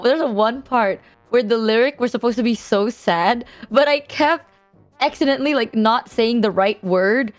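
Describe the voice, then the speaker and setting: A young woman streamer telling a story in casual chat, rambling and self-deprecating, swearing freely. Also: fairly high pitch. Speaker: VTuber streamer.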